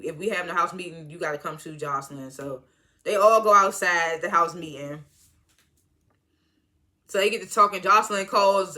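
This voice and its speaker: A woman giving a casual, slangy recap of a TV show, talking animatedly and often breaking into laughter. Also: medium pitch. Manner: animated, slangy, swings into loud excited retellings; frequent laughs and filler words. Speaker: TV show reviewer.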